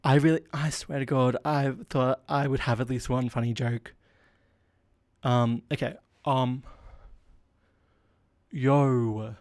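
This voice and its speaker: A man's voice: mid-range voice, steady tone, slow, pauses often, a little mellow, dry recording, clean studio sound. A man hosting a solo comedy podcast, rambling and self-deprecating with lots of fillers and a stuffy nose. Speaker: podcast host.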